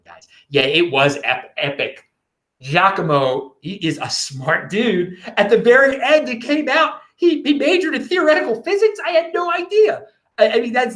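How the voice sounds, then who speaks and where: Man, solo show host, casual commentary, lively swinging pitch, halting restarts. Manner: animated, halting, many restarts and fillers.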